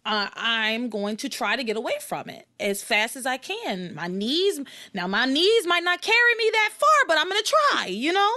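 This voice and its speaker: A woman podcast host talking fast and loose, her pitch swinging widely as she gets worked up. Her voice sits a little high. She trips over restarts and sounds openly exasperated. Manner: animated, exasperated, rambling with restarts. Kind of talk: casual recap chat.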